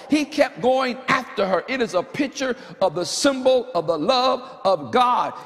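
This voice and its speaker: A man's voice: very high-pitched, fairly bright tone. A man preaching a sermon as pastor at a church service, fervent and full of repeated phrases. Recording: long hall reverb.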